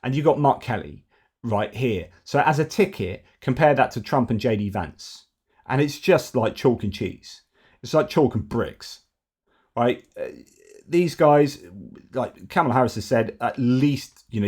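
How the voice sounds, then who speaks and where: A man's voice: on the low side, a little mellow, husky. A man hosting a news commentary channel, talking casually and rambling with fillers and restarts.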